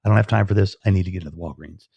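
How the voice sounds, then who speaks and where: A man's voice: low voice, rapid-fire, creaky, a little mellow, husky, no room sound, lo-fi sound, pitched below the performer's own voice, full character voice. A man voicing an exasperated stranger who brushes him off, during a casual story on a live stream. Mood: impatient. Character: impatient grown man in a hurry.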